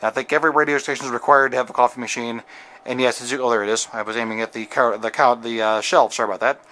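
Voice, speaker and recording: Bright-voiced man rambling on a tour. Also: mid-range voice, steady tone, fast talker. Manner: rambling and jokey, many fillers and restarts. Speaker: radio DJ giving a station tour. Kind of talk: casual walking tour narration. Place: indoor radio station offices and studios.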